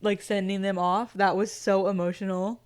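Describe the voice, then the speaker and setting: A woman in her thirties co-hosting a book club podcast, talking in a chatty, animated way with lots of fillers. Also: mid-range voice, normal speed, clear, resonant tone. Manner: chatty, says like often, animated storytelling. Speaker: podcast co-host. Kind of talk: casual chat.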